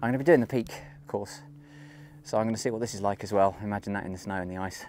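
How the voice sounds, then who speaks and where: A man with a lowish, slightly mellow voice talks fast to the camera while hiking a mountain trail, thinking aloud and cracking jokes at his own expense in a chatty walking vlog. There's a faint hiss or hum on the audio.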